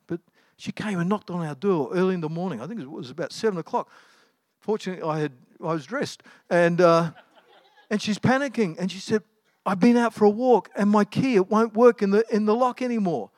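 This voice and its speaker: A middle-aged man with a high voice preaches a sermon casually, telling anecdotes in a conversational way full of ums and restarts. The recording is dry.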